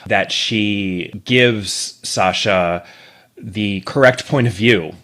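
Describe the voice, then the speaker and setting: A man with a very low voice talks in a casual, animated way as a podcast guest. He talks through a book with his hosts. He jumps easily between his own points and the points of others. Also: very slow. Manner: animated, acts out quoted characters.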